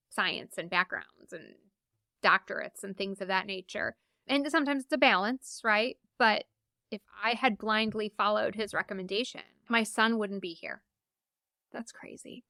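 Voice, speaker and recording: A woman in her thirties telling her own birth stories as a podcast guest, animated and acting out the voices of the people she quotes. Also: medium pitch, clean tone, no room sound, clean studio sound. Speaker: podcast guest, memoir author. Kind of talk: casual storytelling.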